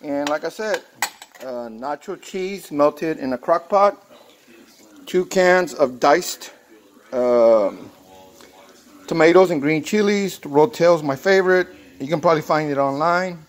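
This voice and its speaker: A man's voice: fairly high pitch, lively intonation, slow, slight background noise. A man from Texas with a Texan accent, casually talking through a recipe at his workplace in a rambling, folksy way full of fillers. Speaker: mechanic shop worker sharing a recipe. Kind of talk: casual how-to vlog.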